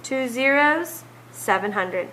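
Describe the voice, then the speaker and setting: A woman teacher talks through math homework at an unhurried pace, counting down numbers aloud as she works each problem. Her voice sits a little high and sounds bright and clear. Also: expressive, slight background noise, poor audio.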